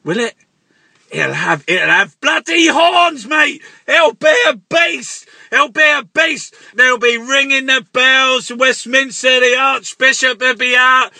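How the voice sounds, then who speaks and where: A man in a frantic, shouting comic rant, swearing and repeating himself. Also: very high voice, slow, creaky, dry recording.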